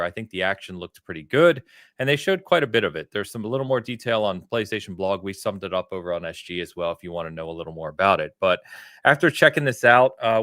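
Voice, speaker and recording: Low-voiced American podcast host. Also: male voice, no echo, studio quality. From United States. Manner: relaxed, rambling storyteller with filler words. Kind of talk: casual podcast chat.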